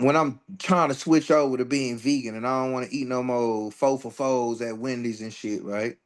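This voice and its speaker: A man teaching an astrology workshop in a loose, profane, joking way. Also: medium pitch. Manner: loose and profane, jokes and laughs between readings. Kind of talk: casual astrology workshop talk.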